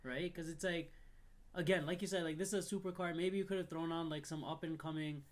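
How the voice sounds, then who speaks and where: A man's voice: on the high side, fairly even intonation, a little fast. A young man co-hosting a casual chat, talking loosely with lots of "like" and "it's like". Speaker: podcast co-host.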